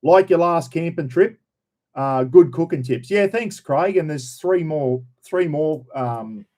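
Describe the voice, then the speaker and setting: A man's voice: medium pitch, a little mellow. A man with an Australian accent, hosting a casual live chat about camping and greeting viewers in a rambling, folksy way. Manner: rambling, folksy, says "mate" and "bloody" a lot. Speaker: camping channel host.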